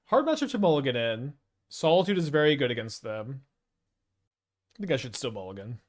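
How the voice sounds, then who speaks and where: A man's voice: mid-range voice, very animated, brisk. A man with a Canadian accent giving casual, rambling game commentary, thinking aloud with hesitant restarts. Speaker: gameplay commentator.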